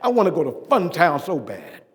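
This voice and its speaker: Man putting on a whiny little girl, pleading, begging, quick, somewhat high, echoey hall. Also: wildly swooping pitch.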